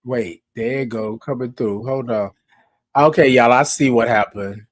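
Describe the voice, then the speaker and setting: A man's voice: mid-range voice, unhurried. A man hosting a live morning show, chatting casually with viewers, talking to them directly and often repeating himself. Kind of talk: casual livestream chat.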